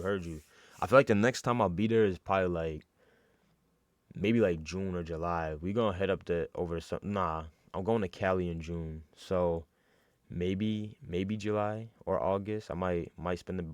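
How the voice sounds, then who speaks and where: A man's voice: low voice, no echo. A young man from New York telling a casual, slangy story with lots of fillers and restarts.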